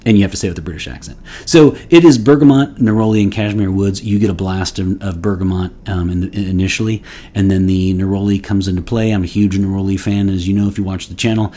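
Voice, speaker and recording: A man's voice: low voice, little pitch movement, fast talker, dark tone. A man hosting his own fragrance review channel, talking casually in a rambling way with playful mock outrage and many restarts. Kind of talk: casual solo product review.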